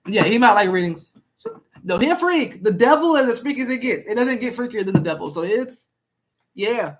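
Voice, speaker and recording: A woman's voice: mid-range voice, animated, brisk, slight background noise. A young woman doing a casual live-stream tarot reading, chatting with viewers and repeating herself.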